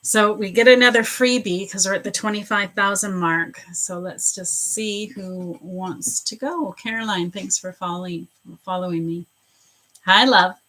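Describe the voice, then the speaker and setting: A woman's voice: medium pitch, measured pace, a bit bright. A woman doing a live psychic reading, chatting casually with viewers, greeting them by name and restarting her sentences often. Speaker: psychic reader on a livestream.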